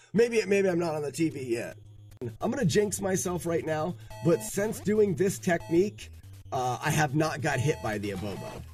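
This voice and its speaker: A man's voice: a little high, big pitch swings, normal speed, darkish tone, faint music behind. A man streaming a game and commenting casually, rambling and self-mocking, often laughing and swearing. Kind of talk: casual live gameplay commentary.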